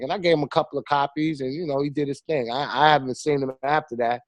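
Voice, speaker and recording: A man's voice: on the high side, fast, few pauses, no echo. Man, filmmaker guest, chatty, storytelling with slang and acted quotes, dry close sound. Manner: animated storyteller with street slang. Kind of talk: casual conversation.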